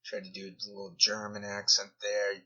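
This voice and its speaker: A man's voice: fairly low pitch, monotone, moderate pace, pushed and bright, slightly rough. A man giving rambling commentary over a screen recording, often trailing off mid-thought, captured in a dull lo-fi recording. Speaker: video commentator.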